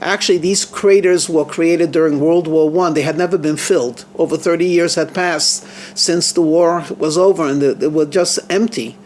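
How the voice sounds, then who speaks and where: A man, a rabbi, telling a story in an earnest, halting manner, often restarting his phrases. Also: fairly high pitch, fairly even intonation, slight background noise. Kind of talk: storytelling sermon.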